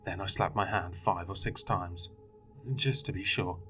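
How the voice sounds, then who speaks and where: A man narrating a first-person horror story in a measured, dramatic way. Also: low-pitched, steady tone, bright, forceful tone. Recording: faint music bed.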